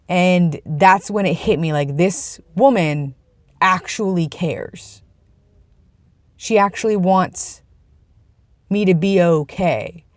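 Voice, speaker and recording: A man's voice: high-pitched, no echo, clean studio sound. A young man vlogging in a casual, earnest and rambling way, often restarting his sentences. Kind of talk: casual personal vlog. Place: outdoors, about to go inside.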